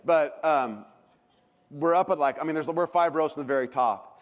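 A man's voice: a little high, normal speed. A man in his thirties preaching a sermon as a pastor, telling stories in a conversational, self-deprecating way. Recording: long hall reverb.

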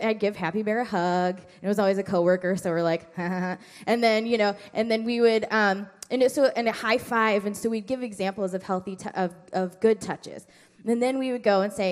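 Lively woman talking to a parent group. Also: fairly quick, big-room sound. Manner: animated storytelling, acting out children's high-pitched replies. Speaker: parenting class speaker. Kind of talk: informal talk to a parent group.

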